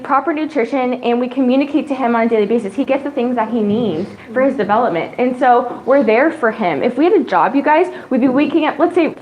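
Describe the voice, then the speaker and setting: A woman's voice: on the high side, poor audio. A young woman in casual chat, talking about her family with gushing enthusiasm and acting out what her children say. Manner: gushing and animated, acts out quotes of her kids. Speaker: guest sharing her family story.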